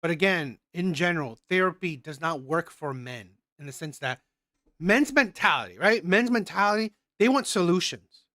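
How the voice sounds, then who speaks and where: A man's voice: high-pitched, animated, normal speed, pushed and bright, no echo, studio quality. A man giving blunt reaction commentary, repeating his points and tagging them with "right?", with some swearing. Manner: emphatic, repetitive, swearing, frequent "right?". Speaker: streamer reacting to a clip. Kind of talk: opinionated commentary.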